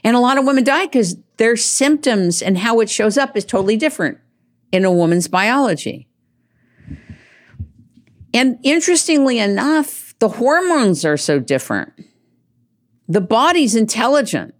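An older woman hosting her own show, delivering an emphatic, rambling monologue and dropping her voice low for asides. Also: big pitch swings, normal speed, long pauses. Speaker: host. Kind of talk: opinionated monologue.

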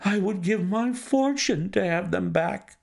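Man doing a panicked elderly banker, voice pushed high and wobbly, gravelly edge. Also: expressive, unhurried, exaggerated voice. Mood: anguished. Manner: pleading, high-strung. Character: distraught wealthy older male banker.

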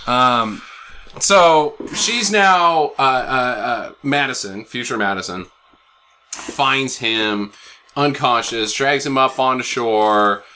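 A man's voice: takes it slowly, bright, forceful tone, smooth. A young man hosting a podcast, recapping a movie in casual, sarcastic, rambling chat with some swearing. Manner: sarcastic, rambling, swears, voice jumps high when worked up. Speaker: podcast host.

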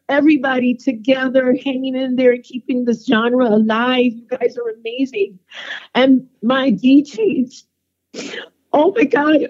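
A woman's voice: high voice, darkish tone, lo-fi sound. A woman singer calling in by phone, emotional and tearful as she thanks the people around her. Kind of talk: phone call-in interview.

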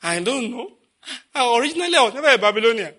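Preacher voicing a high, loud, whiny man crying injustice, husky edge. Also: big pitch swings, rapid-fire, heavily acted. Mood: whining.

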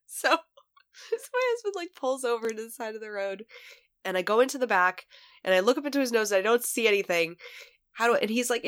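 Brief: thirties mom co-host, stuffed-up cold voice, animated storyteller, dry booth sound. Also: female voice, fairly high pitch, a little fast, no room sound. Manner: animated storyteller, laughs often. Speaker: podcast co-host. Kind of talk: casual chat.

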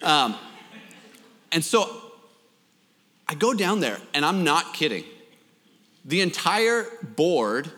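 Bright-voiced joking young preacher. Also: male voice, a little high, very animated, slow pace, pauses often, long reverb tail. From Canada. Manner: joking, storytelling, self-deprecating. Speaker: pastor. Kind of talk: sermon.

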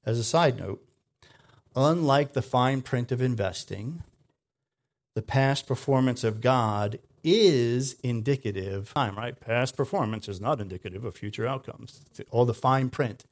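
A man delivering a sermon in a medium-pitched voice. He talks conversationally, often checking in with the listeners. He swings between loud, emphatic lines and quiet, low asides. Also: measured pace. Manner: conversational, with frequent "right?" checks. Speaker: preacher.

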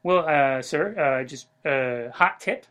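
A man's voice: mid-range voice, slow, a bit bright. A man playing an awkwardly polite front-desk clerk in an improvised comedy sketch, hesitant and full of fillers.

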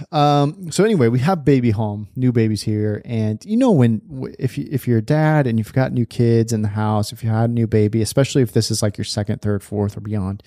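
A man's voice: medium pitch, a little fast, warm tone, dry recording, studio quality. A man in his thirties hosting a podcast in a casual, chatty monologue, laughing often and calling listeners "man". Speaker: podcast host.

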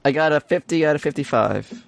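A man's voice: fairly high pitch, brisk, gravelly, dry recording. A man playing a tabletop game, stammering and improvising his lines. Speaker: player.

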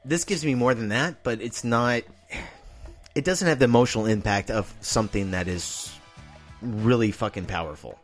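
A man's voice: mid-range voice, normal speed, faint music behind. A man co-hosting a film podcast, blunt and profane as he reviews a movie. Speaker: podcast co-host. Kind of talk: casual film review chat.

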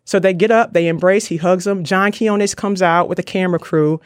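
High-voiced earnest man, dry close sound. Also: fairly even intonation, brisk, no echo. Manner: earnest, retells stories with quoted lines. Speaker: mental wellness speaker. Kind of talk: casual motivational talk to viewers.

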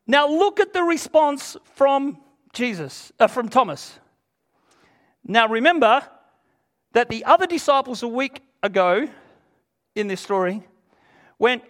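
A man with a strikingly high-pitched voice preaches an earnest, emphatic sermon. He retells scripture in plain, everyday words for his congregation. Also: big pitch swings, measured pace, pauses often, a bit bright.

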